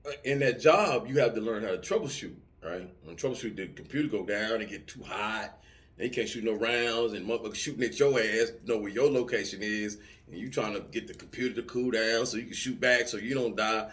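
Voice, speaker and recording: A middle-aged man talking casually, telling lively stories with profanity and acting out yelling soldiers. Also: lowish voice, a little fast. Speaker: vlogger answering subscriber comments. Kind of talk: casual chat.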